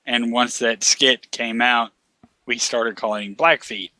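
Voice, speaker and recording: A man's voice: medium pitch, fairly even intonation, measured pace, pushed and bright, no room sound. A man telling a long, profane anecdote in casual chat, laughing often as he goes.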